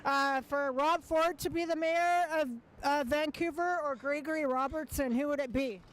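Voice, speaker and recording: A woman's voice: high-pitched, moderate pace. A woman interviewing passers-by on the street, firing off blunt, provocative questions and laughing often. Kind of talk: street vox-pop interview. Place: outdoors on a city street. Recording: street traffic noise.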